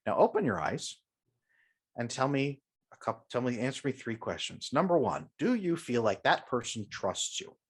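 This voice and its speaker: This coach speaks with a medium-pitched, husky, sing-song voice at normal speed. As a podcast guest in a conversational interview, he's emphatic and confident, walking the listener through an imagined scenario and firmly agreeing often.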